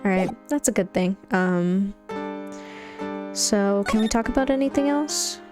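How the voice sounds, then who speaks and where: A woman's voice: mid-range voice, unhurried, music in the background. A young woman streamer chatting casually and rambling while she plays a game. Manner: rambling, laughs easily. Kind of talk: casual gameplay commentary.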